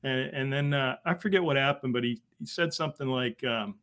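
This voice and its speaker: A man, telling a personal story as a guest, halting and emotional with many restarts. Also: medium pitch, steady tone, pushed and bright. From Boston area. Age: 50s. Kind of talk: conversational storytelling.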